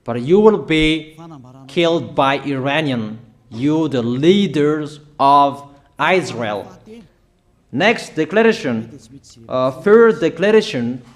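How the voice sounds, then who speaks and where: A man's voice: fairly high pitch, expressive, takes it slowly. A man with a delivery preaching prophetic declarations, emphatic and repetitive, calling out to nations directly. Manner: emphatic, repeats warnings, addresses nations directly.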